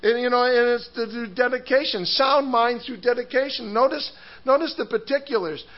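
A man's voice: very high-pitched, moderate pace, lo-fi sound. A man preaching a sermon, telling a story with laughs and restarts before turning to scripture. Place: church hall.

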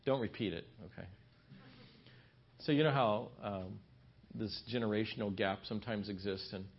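A man's voice: fairly low pitch, normal speed, breathy edge. A man teaching a marriage seminar in a church, speaking in a folksy, conversational way and telling stories with asides and restarts. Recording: slightly dull lo-fi recording.

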